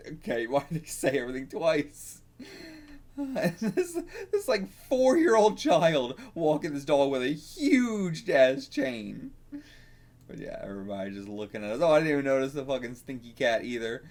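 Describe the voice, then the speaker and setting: A man's voice: mid-range voice, sing-song, moderate pace, darkish tone. A man reacting to a manga, rambling casually, swearing and laughing as he reads.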